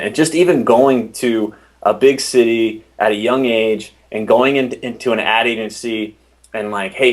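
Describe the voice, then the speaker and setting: Rambling, animated man telling stories. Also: on the low side. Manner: rambling, animated storytelling with restarts. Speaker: podcast host, interview guest. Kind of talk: casual interview.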